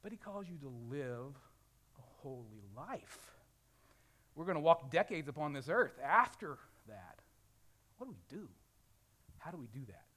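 A man from the Ozarks preaching a sermon as pastor, swinging between loud emphasis and hushed lines, asking his listeners rhetorical questions. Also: fairly high pitch, sing-song, unhurried, pauses often. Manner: asks rhetorical questions, acts out a crying baby.

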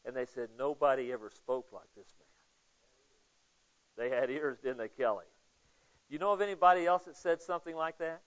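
A man preaching a casual, conversational Bible study sermon, asking listeners questions by name. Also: fairly high pitch. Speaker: pastor. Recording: dull lo-fi sound.

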